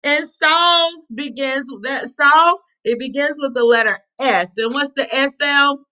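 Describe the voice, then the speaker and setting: Teacher lady reading to little kids, slow and bright, keeps saying good job and sounding out letters. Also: sits high. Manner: encouraging, drawn-out letter sounds, sing-song prompts. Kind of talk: read-aloud phonics lesson for young children.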